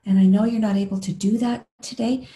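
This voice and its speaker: Soft-spoken woman with a very mellow voice. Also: medium pitch, steady tone, poor audio. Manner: gentle, soft, unhurried, slips into breathy whispers. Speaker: meditation instructor. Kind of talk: guided meditation webinar. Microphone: video call.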